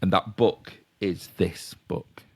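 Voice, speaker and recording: A middle-aged Yorkshire man with a fairly low voice chats on a podcast. He rambles and restarts, chuckling as he explains. The sound is dry and close to the mic. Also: fairly even intonation, takes it slowly, gravelly, a little mellow, slightly rough, no room sound. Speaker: podcast co-host. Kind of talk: casual chat.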